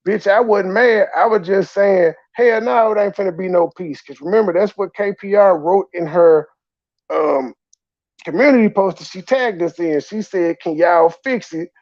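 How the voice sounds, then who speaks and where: A man's voice: sits high, normal speed, darkish tone, dry recording, dull audio. A man hosting profane reaction commentary, blunt and mocking, mimicking people he talks about. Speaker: commentary channel host.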